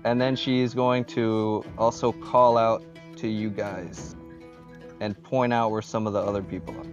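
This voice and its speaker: A man running a tabletop game as game master, explaining rules in a relaxed way with lots of fillers over a headset. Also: lowish voice, unhurried, soft background music. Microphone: headset microphone. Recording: dull, slightly muffled lo-fi voice chat.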